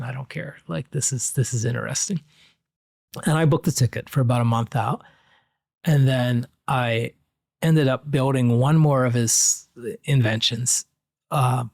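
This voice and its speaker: A man's voice: mid-range voice, vocal fry, no echo, clean studio sound. A middle-aged American man who collects antique electrical machines, telling a long personal story in a rambling way, full of "like" fillers. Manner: rambling anecdotal, frequent "like" fillers. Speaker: museum curator. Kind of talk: casual storytelling.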